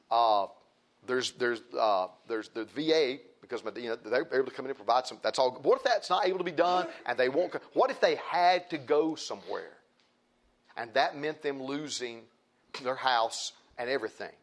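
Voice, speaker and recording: A man preaching a sermon, emphatic and repetitive, with folksy asides to the congregation. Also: medium pitch.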